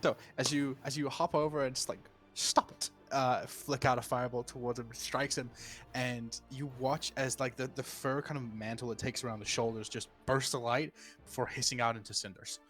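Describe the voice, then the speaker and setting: A man's voice: medium pitch, fairly even intonation, a little fast, a bit bright, soft background music. A man narrating as game master of a tabletop game, chatty and laughing, with many fillers.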